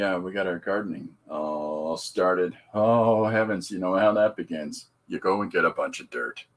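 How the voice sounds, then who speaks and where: A man's voice: lowish voice, rough recording. A man hosting a podcast livestream, rambling and upbeat as he greets viewers and talks about his comics. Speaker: podcast host and comic artist. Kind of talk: casual livestream chat.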